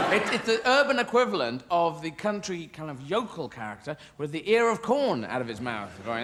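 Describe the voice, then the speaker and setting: A man doing stand-up comedy, rambling and whimsical and often losing his own thread. His voice sits high and swings widely. Heavy background noise runs under everything. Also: big pitch swings, normal speed. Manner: rambling, whimsical, self-interrupting.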